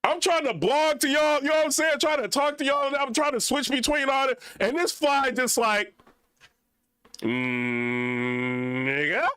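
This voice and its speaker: A man's voice: very high voice, a little fast, hardly any pauses, sharp tone, no echo. A young man vlogging in a casual, rambling rant full of slang.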